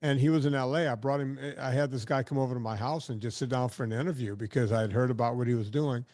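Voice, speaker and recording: A man's voice: mid-range voice, fast, a little mellow. Blunt, chatty male filmmaker guest. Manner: chatty, blunt, swears casually. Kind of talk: casual storytelling interview.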